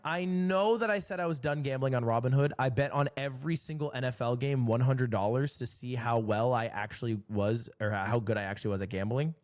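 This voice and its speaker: A young man streamer telling a long, exasperated story in a casual, swearing, animated way. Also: medium pitch.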